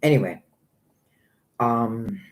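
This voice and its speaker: Man, mid-pitched, tarot reader on a live stream, rambling and earnest. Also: lively intonation, drawn-out words, faint music behind. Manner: rambling, thinking aloud; earnest, a little hurt by critics.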